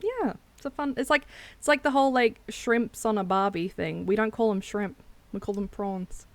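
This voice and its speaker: A woman's voice: mid-range voice, expressive, moderate pace, no room sound. A woman from South Australia with a South Australian accent, chatting casually on a stream, laughing often and swearing freely.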